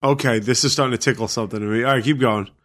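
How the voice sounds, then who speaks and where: Male podcast co-host, middle pitch, short dry reactions in casual chat. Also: fairly even intonation, very fast, a bit bright. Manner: brief backchannel replies, wry asides.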